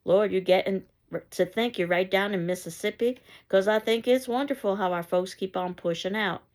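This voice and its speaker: A woman's voice: mid-range voice, normal speed, a little mellow, lightly acted. A woman reading as a nosy, melodramatic neighbor woman. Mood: gossipy. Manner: exaggerated, insincere dramatics.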